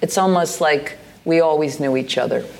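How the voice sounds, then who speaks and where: A woman's voice: low-pitched, moderate pace, gravelly, slight background noise. Woman in her sixties, stage interview guest, rambling hesitant storyteller at a venue microphone. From United States. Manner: meandering storyteller, hesitant with many fillers and restarts. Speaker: interview guest, poet and artist. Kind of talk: live on-stage conversation, storytelling. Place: live venue stage with an audience.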